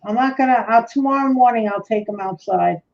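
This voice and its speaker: Chatting casually with friends as a livestream co-host, a woman with a New York accent talks fairly quickly in a slightly high voice. The audio is lo-fi.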